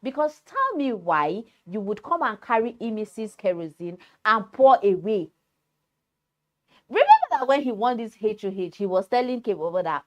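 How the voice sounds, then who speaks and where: A woman's voice: medium pitch, expressive, moderate pace. A woman with a Nigerian accent hosting a reality-show recap, talking emphatically and repeating points for effect. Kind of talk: opinionated entertainment commentary.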